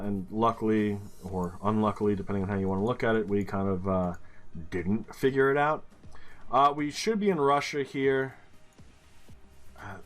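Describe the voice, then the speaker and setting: Male streamer, slow unhurried delivery, thinks aloud, casual cursing, soft music underneath. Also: mid-range voice. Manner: muttering, puzzling things out, casual swearing. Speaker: gaming streamer. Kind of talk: thinking-aloud game commentary.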